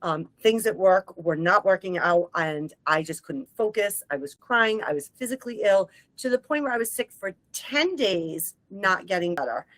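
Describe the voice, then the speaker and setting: Give me an emotional, animated woman medium, recorded dry and close. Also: medium pitch, moderate pace, few pauses, dry recording, rough recording. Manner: emotional, animated storytelling with sung snippets. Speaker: guest medium. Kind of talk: casual conversation.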